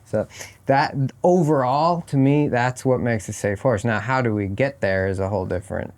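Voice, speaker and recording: A man's voice: mid-range voice, moderate pace, darkish tone. A man talking as a guest on a podcast, thoughtful and often restarting his phrases, at a horse competition. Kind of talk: casual interview chat.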